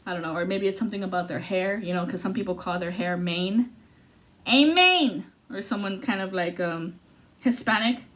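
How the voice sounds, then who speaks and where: A woman giving a casual, profane tarot reading, swinging between loud outbursts and low muttering. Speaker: tarot reader.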